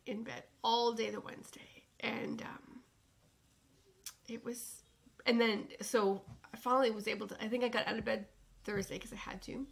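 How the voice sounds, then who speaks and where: A woman's voice: fairly high pitch, vocal fry, fairly bright tone. A woman hosting a knitting podcast in casual chat, rambling and often dropping to a whisper.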